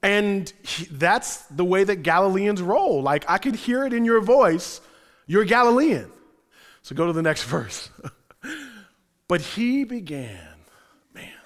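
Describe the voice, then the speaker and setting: A male preacher giving a sermon with animated, conversational, slangy storytelling. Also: high voice. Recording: long hall reverb.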